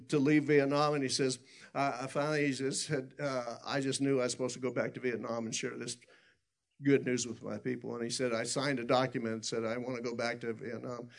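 A man with a gravelly, rough-edged voice preaches a sermon. His pitch sits in a middle range, and he tells his stories earnestly, often stopping and restarting his sentences. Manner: rambling storytelling with many restarts.

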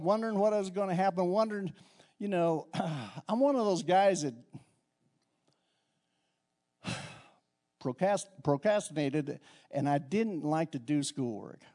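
An older man preaching from the pulpit with a fairly high voice. He is animated and swings between quiet, confiding asides and loud, ringing exclamations. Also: normal speed. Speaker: pastor. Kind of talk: sermon.

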